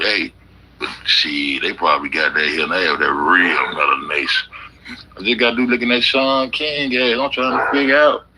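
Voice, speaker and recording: A middle-aged man rambles through casual reaction commentary, swearing constantly and joking as he goes. His voice sits at an ordinary male pitch. The recording carries clear background noise. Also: pushed and bright, rough recording. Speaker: YouTube commentator.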